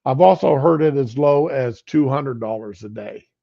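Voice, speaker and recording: A man's voice: medium pitch, normal speed, gravelly. A middle-aged man giving casual political commentary on a livestream, rambling and conversational. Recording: lo-fi stream audio.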